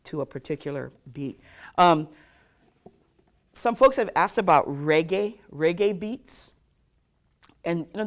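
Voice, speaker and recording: A ukulele teacher giving a live online lesson, counting beats aloud and checking in with "okay?" after nearly every point. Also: mid-range voice.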